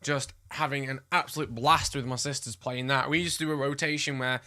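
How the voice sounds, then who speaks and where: A man's voice: medium pitch, steady tone, brisk, pushed and bright. A man chatting casually as a gaming vlogger, enthusiastic and gushing, with playful asides. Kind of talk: casual chat.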